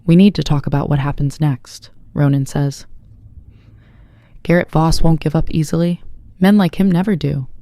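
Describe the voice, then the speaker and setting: A narrator voicing a protective mafia boss, a man who speaks in a calm, measured way. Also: mid-range voice, no room sound, lightly acted. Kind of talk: scripted audiobook narration.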